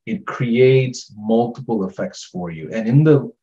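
Casual upbeat co-host man, mellow mid voice over a dull, muffled line. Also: medium pitch, measured pace. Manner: casual, upbeat, says "like" a lot. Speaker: workshop co-host. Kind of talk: webinar chat.

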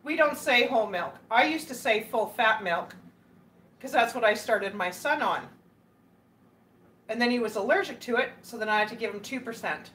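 A woman's voice: fairly high pitch, lively intonation, normal speed, a bit bright. A Canadian woman chatting casually with viewers while cooking, laughing often and greeting people by name. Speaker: cooking livestream host.

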